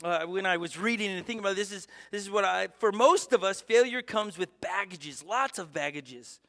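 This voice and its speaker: Brief: high, bright-voiced man preaching a casual, lively sermon in a reverberant church hall. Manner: conversational, energetic, with asides and quick restarts. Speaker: pastor.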